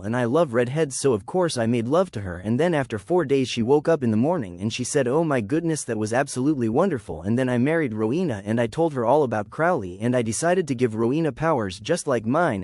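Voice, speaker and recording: A man's voice: mid-range voice, darkish tone, no echo, clean studio sound. Casual man telling a story. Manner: chains events with "and then", casual. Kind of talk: unscripted first-person story narration.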